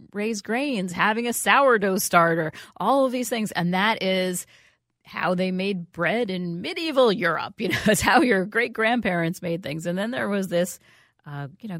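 A woman's voice: mid-range voice, fairly bright tone, no echo, clean studio sound. A woman hosting a food radio show, talking casually and rambling with many fillers, restarts and easy laughs. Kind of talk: casual talk radio chat.

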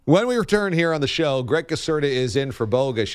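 A man's voice: mid-range voice, a little fast, hardly any pauses, smooth, dry recording. A man hosting a sports radio show, dryly teasing his co-host and reading out segment promos. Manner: teasing, dry ribbing.

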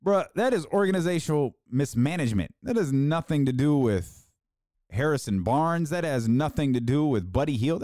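A man's voice: on the high side, lively intonation, normal speed, warm tone, dry recording, clean studio sound. A man hosting a sports podcast, ranting casually and mocking fans in a raised voice.

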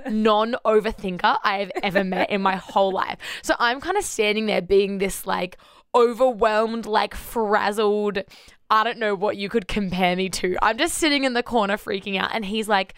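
Brief: woman podcast co-host, lively anecdotal storyteller, mid pitch, close dry mic. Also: normal speed, clear, resonant tone, no room sound. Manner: animated storytelling, laughs often. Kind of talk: casual faith podcast chat.

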